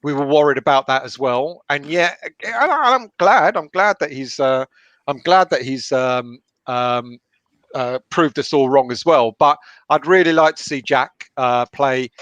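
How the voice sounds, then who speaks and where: A man co-hosting a casual football watch-along, talking in a halting, rambling way. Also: medium pitch, animated, fairly bright tone, no room sound. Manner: rambling, halting, with many restarts and fillers. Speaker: co-host.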